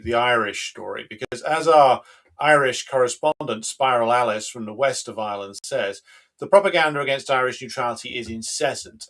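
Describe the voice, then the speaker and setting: A man's voice: medium pitch, a bit bright. A man hosting a live political stream, talking in an emphatic, combative way with frequent fillers. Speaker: host of a political livestream.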